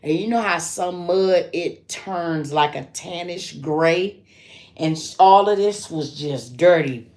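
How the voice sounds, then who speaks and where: A woman hosting a casual livestream, telling a story in a loose, animated way and answering her viewers with endearments like sweetheart and baby. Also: on the low side. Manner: loose, drawn-out delivery with restarts. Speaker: livestream host.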